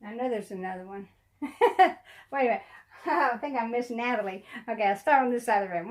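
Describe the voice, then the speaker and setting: A woman's voice: fairly high pitch, animated, brisk. A middle-aged woman, slightly short of breath, her voice a touch weak. She chats casually and rambles to the camera at home, with plenty of fillers and small laughs. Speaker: doll collector vlogger. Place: room at home.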